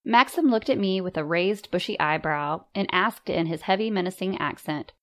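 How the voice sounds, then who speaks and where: A woman reading a story aloud in measured, composed first-person narration. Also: fairly low pitch, expressive. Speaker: audiobook narrator.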